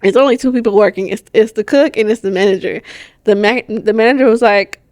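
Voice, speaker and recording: A woman's voice: medium pitch, quick pace, a little mellow, no room sound, studio quality. A woman co-hosting a podcast in casual chat, telling stories animatedly and acting out both sides of the exchange. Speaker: podcast co-host.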